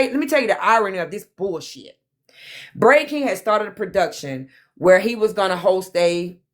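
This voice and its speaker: A middle-aged woman, hosting a live stream and telling a story in a casual, animated way, acting out other people's lines in different voices. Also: lowish voice.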